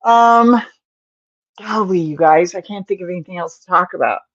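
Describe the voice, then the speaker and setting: On a laid-back crochet livestream, the host talks to her viewers and mumbles to herself over her stitches, chatty and distracted, apologizing often and yawning. She speaks at a normal speed in a lowish voice. There's no room sound, and the audio is lo-fi.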